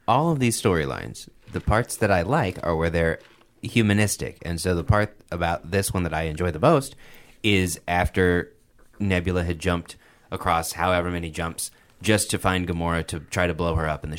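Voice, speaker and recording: A man's voice: deep voice, moderate pace, fairly bright tone. A man in a casual movie discussion, talking with earnest, emphatic enthusiasm about scenes he loves.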